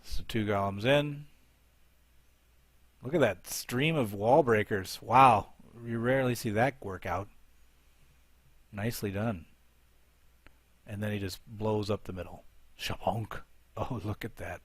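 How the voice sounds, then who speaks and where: A man's voice: lowish voice, no echo. A man hosting a live show, commentating game attack replays and thinking aloud as he looks for each one.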